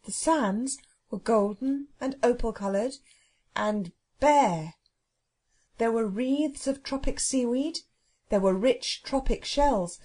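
A woman narrating a children's audiobook with expressive, measured storytelling. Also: fairly high pitch, husky. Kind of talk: storybook reading.

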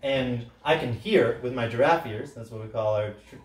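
A man's voice: mid-range voice, moderate pace. A man leading a workshop, talking casually and acting out the quoted lines with a lot of energy. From Sicilian background. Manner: animated, acts out quoted lines loudly, frequent "right?". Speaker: workshop facilitator. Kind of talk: workshop talk. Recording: roomy, from a distance.

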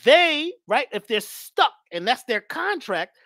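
A woman's voice: fairly high pitch, sing-song, slow, fairly bright tone, dry recording, studio quality. A woman giving an emphatic spiritual talk in a preachy manner, often repeating her phrases. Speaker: spiritual speaker.

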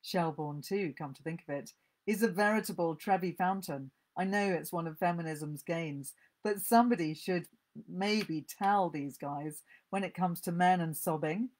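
A woman's voice: fairly low pitch, normal speed, a little mellow, lightly acted. A woman reading aloud the voice of a caustic, scornful middle-aged mother from a short story, with a dry, cutting delivery.

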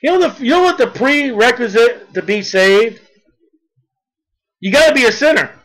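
High-pitched male preacher, fervent sermon delivery that swells into near-shouts. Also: animated, normal speed, poor audio. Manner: fervent, rising to near-shouts on key points.

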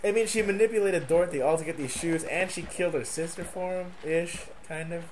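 A man's voice: on the high side, a little fast. A man co-hosting a gameplay commentary, making dry, teasing remarks. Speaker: let's play co-host. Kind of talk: gaming commentary. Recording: loud background hiss.

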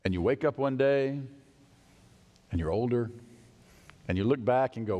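A male pastor preaching a sermon in a church, animated and acting out the voices of people in the story. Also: medium pitch, normal speed, pauses often, highs cut off. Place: church sanctuary. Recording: long church hall reverb.

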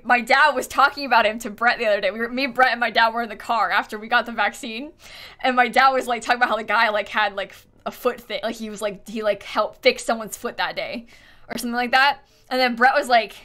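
A woman's voice: on the high side, bright, forceful tone. A woman streamer chatting casually while playing a game, laughing often and thanking viewers for donations. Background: faint background music.

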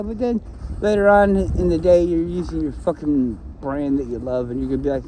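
A man's voice: high-pitched, big pitch swings, moderate pace, mellow, a little hiss or hum, poor audio. A man ranting to himself in a rambling solo vlog, swearing often and complaining. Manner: profane, complaining, talks to himself. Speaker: vlogger.

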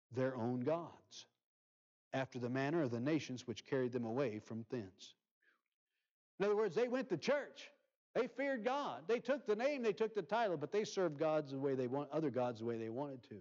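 A male pastor delivers a sermon, reading scripture aloud and moving between loud emphasis and soft near-whispers. His pitch sits fairly high, and the audio sounds dull.

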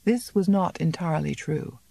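A woman narrating an unabridged novel as an audiobook in a measured, even storytelling manner. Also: low-pitched, vocal fry, husky, dry recording. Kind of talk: scripted narration.

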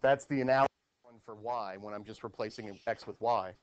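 A man's voice: lowish voice, fairly quick, no room sound, highs cut off. A man teaching a math class at the board, explaining step by step and asking his students questions.

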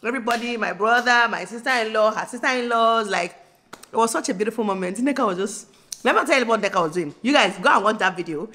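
Woman, Nigerian accent, 30s, casual vlog chat, bubbly, laughing, highish pitch. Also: fast, sharp tone. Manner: bubbly, laughing, breaks into squeals. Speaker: vlogger.

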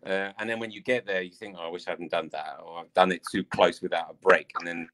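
A man's voice: sits low, fairly even intonation, fast talker, a bit bright. A man from England, a dance teacher and coach, chatting casually as an interview guest, rambling with lots of "I mean".

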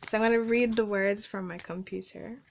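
A young Caribbean woman with a Caribbean English accent chats casually in a vlog recorded on her phone, reading out word lists. Her voice is medium-pitched and steady with vocal fry, she talks fairly quickly, and there's a little hiss or hum.

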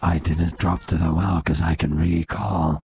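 A man's voice: sits low, fairly even intonation, measured pace, darkish tone, slightly rough. A man chatting over online voice chat while gaming, whining and joking with his teammates. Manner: whiny, complaining, joking. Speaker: gamer in voice chat. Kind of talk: casual gaming banter.

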